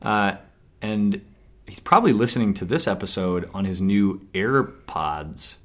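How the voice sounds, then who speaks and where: Midwestern podcast co-host, male, teasing banter, pitch all over the place. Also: unhurried. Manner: playful, teasing, animated. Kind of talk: casual podcast chat.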